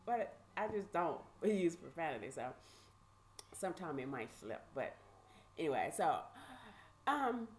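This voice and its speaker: Lady talking to camera, kinda low voice but super expressive, lots of um and like. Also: normal speed, slight background noise. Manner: animated, conversational, lots of fillers. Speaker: vlogger. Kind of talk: casual personal storytelling.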